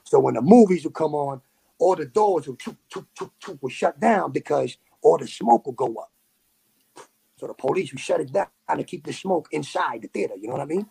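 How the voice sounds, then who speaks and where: Man, new york accent, gravelly and husky, streetwise storyteller. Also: fairly high pitch, a little fast. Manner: streetwise, animated, full of slang and fillers. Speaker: podcast guest. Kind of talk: casual storytelling.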